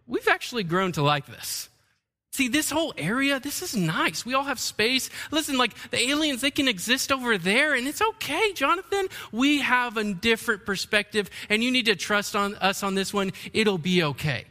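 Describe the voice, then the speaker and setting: A talking lump of clay, put on by a man, soothing and persuasive, its voice pushed up high and bright. It reasons gently with its maker, trying to talk him out of a plan. The sound rings with a long hall reverb. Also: expressive, normal speed, heavily acted. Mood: coaxing.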